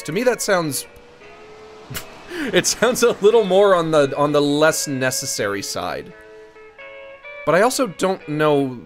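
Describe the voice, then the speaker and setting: A man chatting casually on a live stream in a playful, rambling, joking way. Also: a little high.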